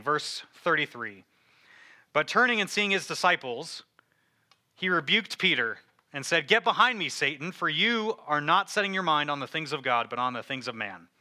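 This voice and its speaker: Chatty, bright-voiced preacher man. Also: on the high side. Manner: conversational, filler-heavy, joking asides. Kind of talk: casual sermon.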